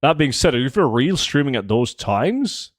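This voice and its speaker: A man's voice: mid-range voice, normal speed, dry recording, clean studio sound. A man in his twenties chatting casually with his chat while playing a game on a livestream. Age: 20s. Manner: relaxed, answering chat while gaming. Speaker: streamer.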